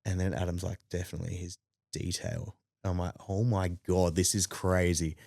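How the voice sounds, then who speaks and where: A man with an Australian accent, a podcast guest telling a story in casual chat. He talks animatedly, jumps up in pitch to act out quotes and fills in with lots of ums. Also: normal speed, no room sound, studio quality. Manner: animated, acts out quotes with rising pitch, many fillers.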